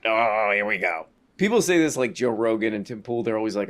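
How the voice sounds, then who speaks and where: A man's voice: fairly low pitch, animated, fairly quick, a bit bright. A man doing casual live-stream commentary over clips, sarcastic and rambling, with a mocking tone.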